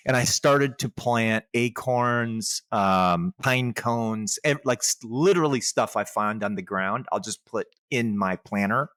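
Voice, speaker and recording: A man in his forties co-hosting a podcast, telling family stories in a chatty, animated way with quick asides. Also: medium pitch, clear, resonant tone, dry recording. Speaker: podcast co-host. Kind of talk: casual chat.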